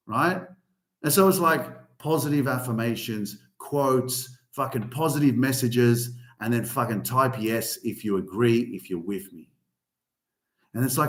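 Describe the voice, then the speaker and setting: A man's voice: mid-range voice, measured pace, reverberant. A man hosting a podcast, giving an emphatic motivational rant full of swearing. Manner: animated, heavy swearing, emphatic. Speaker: podcast host.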